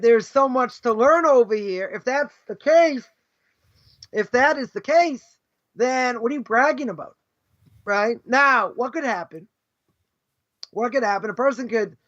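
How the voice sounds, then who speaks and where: Male rabbi lecturing a class; very high, sharp voice, chatty and rhetorical, dull lo-fi stream. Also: normal speed, long pauses. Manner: conversational, keeps asking "right?"; acts out imagined speakers mid-lecture. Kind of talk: informal Torah lesson.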